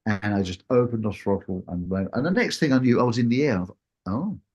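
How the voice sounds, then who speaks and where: A man telling a personal story in a casual, animated way, acting out what people said. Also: fairly quick, breathy edge, muffled recording. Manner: animated, acts out what people said with big jumps in pitch.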